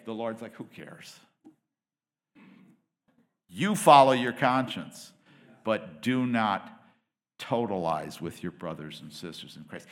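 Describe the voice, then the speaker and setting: A man preaching a sermon with passion, rising to loud emphatic peaks and dropping to hushed asides. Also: mid-range voice.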